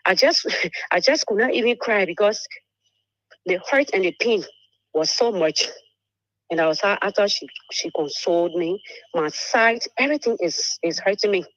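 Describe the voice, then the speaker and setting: A woman, telling a painful personal story on a talk show, halting and repeating words. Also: mid-range voice, animated, a bit bright, no echo. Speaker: guest telling her story. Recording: muffled dry broadcast audio.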